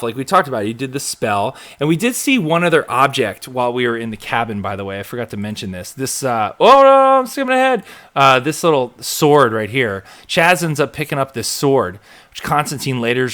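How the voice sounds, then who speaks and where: A man hosting a live show, chatting casually and animatedly, acting out bits as he rambles. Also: mid-range voice. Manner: rambling, animated, acts out quotes. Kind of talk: casual live recap chat.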